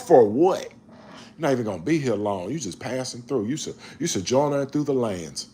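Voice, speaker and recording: A husky man reads scripture in a slow, measured way. He then breaks into emphatic, casual commentary, and his pitch swings widely as he preaches. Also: expressive, mellow. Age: 40s. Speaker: online Bible reader and commentator.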